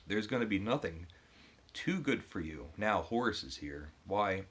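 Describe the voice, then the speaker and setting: A man's voice: lowish voice, animated, measured pace, a bit bright, slightly rough, voice pushed up, full character voice. A man reading the lines of a boastful, endlessly chatty male butler who talks about himself in the third person.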